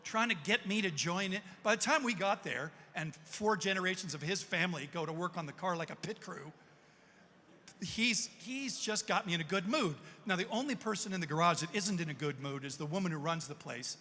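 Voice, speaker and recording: A man on a panel telling a story in a lively, self-amused way. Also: sits high, fairly quick. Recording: long hall reverb.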